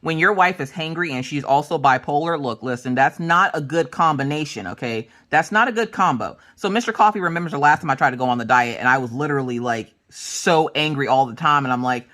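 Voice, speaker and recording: Low-voiced, animated woman vlogger. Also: a little fast, few pauses. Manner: animated, acts out family members' voices. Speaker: craft channel host. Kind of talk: casual storytelling chat. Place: home craft room.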